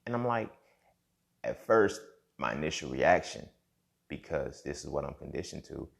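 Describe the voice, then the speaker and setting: A young man hosting a podcast speaks at a normal pace in a very deep voice with vocal fry and big swings in pitch. He talks reflectively and casually, repeats himself, and often asks "you feel me."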